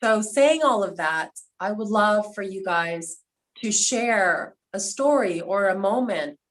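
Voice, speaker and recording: A woman's voice: medium pitch, lively intonation, slow, rough recording. Heartfelt woman hosting a reunion call. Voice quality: quadriplegic speaker talking from a seated video call. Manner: emotional, heartfelt storytelling. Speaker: host of a reunion video call. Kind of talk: casual reunion chat. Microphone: video call.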